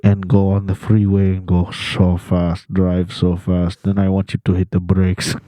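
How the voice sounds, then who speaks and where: A man putting on the voice of a menacing hotline man who slowly urges a caller on. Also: low-pitched, monotone, no echo. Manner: slow, loud, sinister urging.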